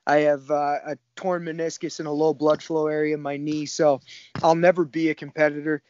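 A man's voice: a little high, level tone, fairly quick, darkish tone, no echo, highs cut off. Laid-back swearing man in his thirties. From Cape Breton, Canada. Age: 30s. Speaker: jiu-jitsu coach. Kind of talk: casual chat.

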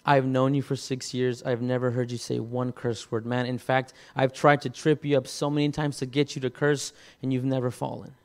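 Man, pastor, sermon testimony, middle pitch, halting, repeats words. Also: little pitch movement, darkish tone.

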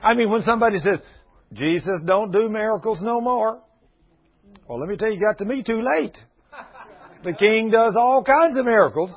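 Older man preaching, husky and high. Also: expressive, moderate pace, pauses often. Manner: folksy storytelling with quoted voices. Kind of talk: sermon. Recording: dull lo-fi radio broadcast.

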